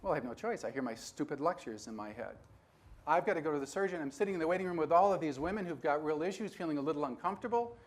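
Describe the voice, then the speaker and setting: A man in his sixties giving a conference talk, telling stories and acting out dialogue with animated energy. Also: a little high, very fast. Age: 60s. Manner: animated storyteller who acts out dialogue. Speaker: conference speaker. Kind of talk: storytelling keynote talk.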